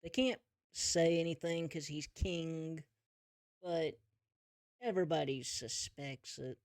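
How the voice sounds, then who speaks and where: A male game master narrating a tabletop role-play, relaxed and unhurried. He tells the story casually and adds asides to the players. The recording is dry and close. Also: a little high, dry recording.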